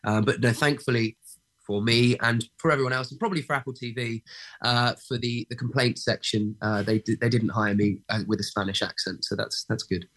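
A man's voice: medium pitch, fairly even intonation, fairly quick, fairly bright tone, rough recording. Young guy chatting in an interview, lots of uhs and restarts, mid voice. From England. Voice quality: many fillers and restarts, thoughtful. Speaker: actor guest. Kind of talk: casual interview.

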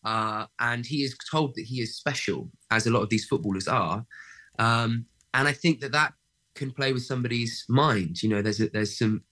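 A man's voice: mid-range voice, moderate pace, bright, forceful tone. A young man, an actor, chatting in an interview, hesitant and full of fillers and restarts. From England. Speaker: actor guest. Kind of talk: casual interview chat.

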